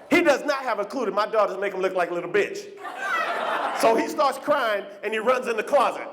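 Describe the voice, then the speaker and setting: A man doing animated stand-up comedy on a club stage, teasing the crowd. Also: high-pitched, fairly quick, slight background noise.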